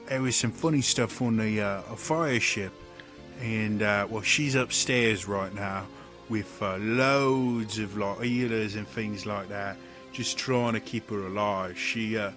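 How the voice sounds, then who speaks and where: A man voicing a rough, blunt male tavern brawler with a Cockney accent, talking in a chatty, rambling way. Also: fairly low pitch, unhurried, a bit bright, faint music behind. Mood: gruff chatty.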